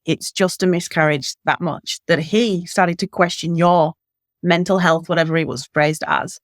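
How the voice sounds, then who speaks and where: A woman's voice: on the low side, steady tone, normal speed, dry recording. Probing woman interviewer, dry sound. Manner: probing, thoughtful. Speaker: podcast co-host. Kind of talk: interview questions.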